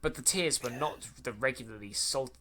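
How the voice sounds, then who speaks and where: A man's voice: mid-range voice, moderate pace, a crowd in the background. A man hosting a podcast, reading a horror story aloud, tripping over clumsy sentences and rereading them with sarcastic asides. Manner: stumbling over lines and rereading them mockingly.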